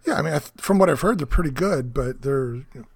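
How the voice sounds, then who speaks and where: A man co-hosting a hobby podcast, chatting in an easygoing, wry way with a gravelly, husky voice. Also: medium pitch, animated, fast, no room sound. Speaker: podcast co-host. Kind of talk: casual chat.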